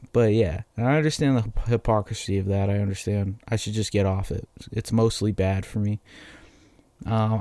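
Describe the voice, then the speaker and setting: A man's voice: fairly low pitch, darkish tone, smooth, dry recording. A man, hosting a casual solo podcast in a profane, rambling, self-deprecating way. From Massachusetts. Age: 20s. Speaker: podcast host.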